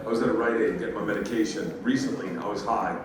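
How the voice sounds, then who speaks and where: A man's voice: on the low side, quick pace, noisy background. A man telling profane stand-up comedy stories on stage. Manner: profane, rowdy storytelling. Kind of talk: live stand-up storytelling. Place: live comedy venue. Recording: very echoey, distant mic, loud ambience. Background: audience laughter.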